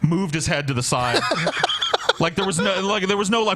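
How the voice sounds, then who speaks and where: Animated, profane man telling a story. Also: high voice, normal speed. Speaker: podcast guest. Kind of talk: casual storytelling.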